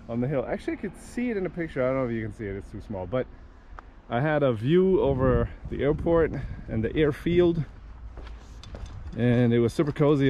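A man's voice: mid-range voice, darkish tone. A man from Germany, vlogging casually outdoors while he walks beside busy roads, swearing and ranting about traffic. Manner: ranting, swearing, exasperated asides. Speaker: walking vlogger. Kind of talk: casual vlog while walking.

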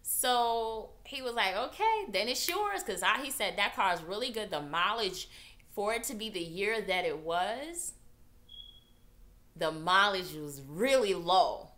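A woman vlogger casually telling a personal story, animated and acting out the people she quotes. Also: unhurried. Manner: animated, acts out quotes with big pitch jumps.

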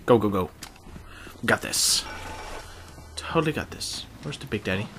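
A man giving casual let's-play commentary, excitable and sarcastic, swearing at the game. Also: lowish voice, normal speed, vocal fry, very noisy. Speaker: gaming video host.

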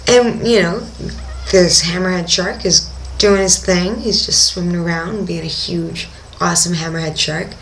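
A woman's voice: fairly low pitch, fairly even intonation, unhurried, fairly bright tone, a little hiss or hum, low-quality recording. A young woman working as a dive instructor, telling a diving story in a casual video diary and acting out her own reactions.

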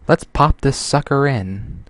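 A man reading the lines of an excitable female party pony who speaks in dramatic outbursts. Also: mid-range voice, takes it slowly, no echo, voice pushed up, close to an everyday voice. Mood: eager.

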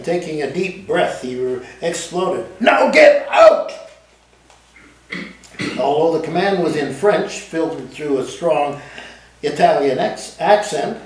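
A man reading aloud from his own novel in the first person, with lively, dramatic storytelling at a café event. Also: a little high. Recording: echoey room, mic at a distance.

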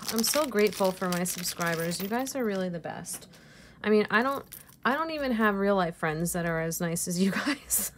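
A woman reseller chatting casually through an unboxing, gushing over each piece and laughing at herself. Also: medium pitch. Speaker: jewelry reseller vlogger.

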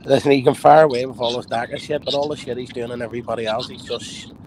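Fast, heated, sweary man. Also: medium pitch, fairly even intonation, a little mellow, a little hiss or hum, low-quality recording. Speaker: stream panel guest. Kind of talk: heated live stream argument.

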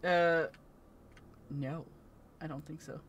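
A woman streamer chatting casually while playing a game, giggling often and reacting loudly to scares. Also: low-pitched, steady tone, slow pace. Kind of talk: casual gaming chat.

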